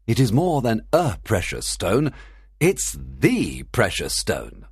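An actor playing a clever, composed detective in an audiobook, speaking in a measured, explaining way. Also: male voice, medium pitch, sing-song, no echo, studio quality. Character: Sherlock Holmes, clever composed male detective. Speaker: narrator of graded reader.

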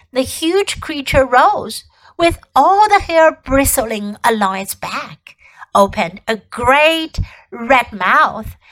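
A woman teacher reading a children's story aloud, slowly and clearly. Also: sits high, fairly bright tone, low-quality recording. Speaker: English teacher.

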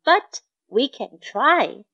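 A woman voicing a kind, patient female schoolteacher in a children's storybook, talking in a gentle, encouraging way. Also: high voice, sing-song, extremely slow, vocal fry, husky, lo-fi sound, heavily acted.

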